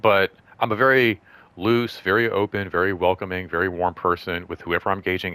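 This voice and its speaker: Low-voiced man rambling through a story. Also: little pitch movement, fairly quick, sharp tone, smooth, no room sound. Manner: rambling, full of "like" and "you know"; acts out quoted speech in raised voice. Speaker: show host. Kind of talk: casual storytelling vlog.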